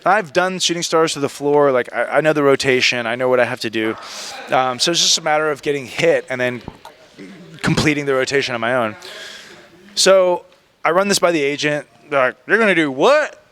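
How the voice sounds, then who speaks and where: A man telling stories as an interview guest in a casual, animated way, slipping into other people's voices. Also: mid-range voice, fairly quick.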